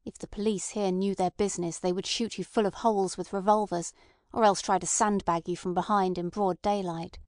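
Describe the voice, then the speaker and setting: Brief: woman reading an impatient male radical, blunt and loud-ish, dry close sound. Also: mid-range voice, fairly even intonation, a little fast, hardly any pauses, no room sound, natural voice. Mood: agitated. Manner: blunt, agitated. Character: impatient resentful male anarchist, Ossipon.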